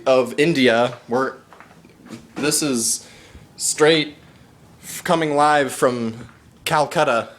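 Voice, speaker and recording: A man's voice: medium pitch, fairly bright tone. Giggly man hosting a fake show. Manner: silly, giggly, rambling announcer voice. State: keeps sneezing. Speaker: mock show host. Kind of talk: goofy improvised chat.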